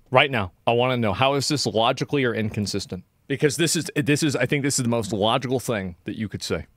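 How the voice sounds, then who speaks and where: A man's voice: mid-range voice, fairly bright tone, dry recording, studio quality. A man streaming a casual reaction commentary, rambling and swearing with many fillers as he argues and explains his point of view.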